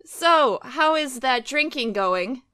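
A giggly, sweet-talking young sister with a high, bright voice that leaps around a lot, as a woman plays her in a tabletop game. She draws her words out slowly. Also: lively intonation, clear, resonant tone, full character voice. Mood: coaxing.

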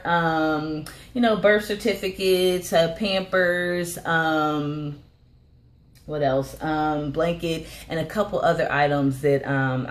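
A woman casually chatting in a vlog as a doll artist, rambling with many fillers and gushing over small details. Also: sits low. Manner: rambling and warm, frequent "um" and "but anyways". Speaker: reborn doll artist showing a packed order.

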